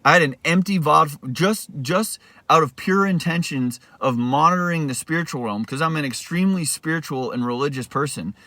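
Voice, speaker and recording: A man's voice: on the high side, moderate pace, hardly any pauses, bright, forceful tone, no room sound. Agitated man telling a rambling account. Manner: agitated, repetitive restarts; blunt, profane. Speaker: vlogger.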